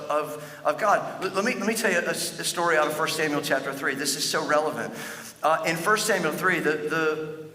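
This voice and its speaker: A male pastor preaches in a relaxed storytelling manner, repeating and restarting his words as he goes. His voice is fairly high and bright, carried by the long reverb of a big church auditorium. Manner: conversational storytelling with frequent stuttered restarts. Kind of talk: sermon. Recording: echoey hall with long reverb.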